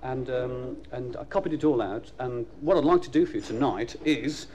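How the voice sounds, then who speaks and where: A man's voice: mid-range voice, normal speed. A man performing live stand-up comedy, rambling and hesitant with many fillers. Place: theatre stage before an audience. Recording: noisy live recording with loud audience laughter.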